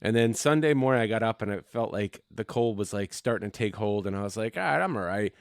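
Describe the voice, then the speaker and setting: Young male co-host with a smooth voice, profane casual storyteller. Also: on the low side, expressive, fast, no echo, clean studio sound. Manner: profane storytelling, acting out quoted people. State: recovering from covid. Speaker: podcast co-host. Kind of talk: casual chat. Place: home basement.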